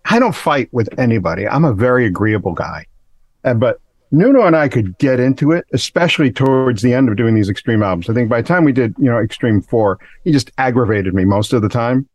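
A man's voice: mid-range voice, very animated, fairly quick, a little mellow, dry recording. A man, a guitarist guest, chatting casually and rambling with many fillers. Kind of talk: casual chat.

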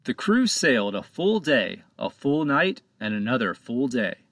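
A man narrating his own children's pirate storybook in a lively, expressive reading, close to the mic. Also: medium pitch, a little slow, no room sound. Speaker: author and narrator.

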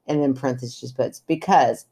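Woman in her 30s from kentucky, low voice, teasing and laughing, swears a bit, casual podcast chat. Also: brisk, mellow, breathy edge. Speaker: podcast co-host.

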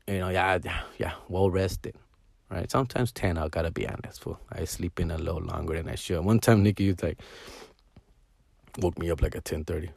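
A middle-aged man telling casual stories, slangy and animated, mixing in Spanish words and dropping to hushed mumbles. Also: low-pitched, fairly quick, vocal fry, no room sound, clean studio sound. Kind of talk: casual storytelling monologue.

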